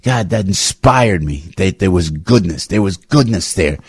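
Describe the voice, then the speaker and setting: An older man hosting a radio talk show, telling anecdotes in an emphatic, repetitive, rambling way with sudden swings in pitch. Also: animated, a little slow, slightly rough. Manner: emphatic, repetitive, restarts often. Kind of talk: rambling opinion monologue with anecdotes.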